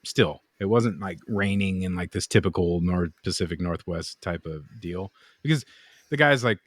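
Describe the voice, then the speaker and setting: A man's voice: low-pitched, normal speed, no echo. A man co-hosting a podcast in casual chat, rambling through stories, swearing and acting out what people said. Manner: rambling storyteller, swears, acts out quotes. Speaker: podcast co-host, knifemaker.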